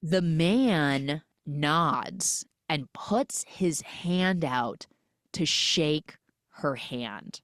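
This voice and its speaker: Her voice is low and extremely slow, captured in clean studio audio without room sound. This woman hosts a casual movie recap podcast, bringing scenes to life by acting out characters' dialogue and filling her speech with "like."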